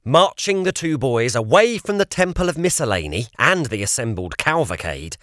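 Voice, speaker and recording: A man narrating a children's fantasy audiobook in a measured, expressive way. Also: medium pitch, no echo, clean studio sound.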